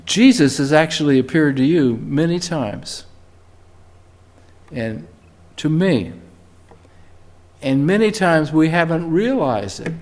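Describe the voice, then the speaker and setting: A man's voice: fairly high pitch, lively intonation, slow pace, long pauses, a little mellow. Older male pastor telling a story from the pulpit. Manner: conversational storytelling, emphatic rises on key words. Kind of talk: sermon. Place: church sanctuary.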